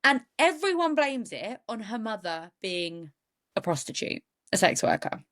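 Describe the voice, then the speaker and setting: A woman's voice: on the high side, very animated, measured pace, fairly bright tone. Indignant woman telling a true crime story. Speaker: podcast co-host. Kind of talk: true crime podcast chat.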